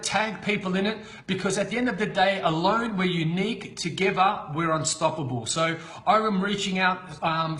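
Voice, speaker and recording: Man, higher voice, excitable, swears a lot, webcam live stream. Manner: blunt, swears constantly, excitable. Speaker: motivational speaker on a live stream. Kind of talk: unscripted motivational live stream. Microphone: computer webcam.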